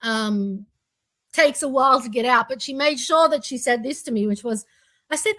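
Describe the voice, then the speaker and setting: High-voiced woman, earnest chat. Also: lively intonation, moderate pace, sharp tone, low-quality recording. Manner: earnest, reflective, with frequent fillers. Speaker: co-host. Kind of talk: casual podcast chat.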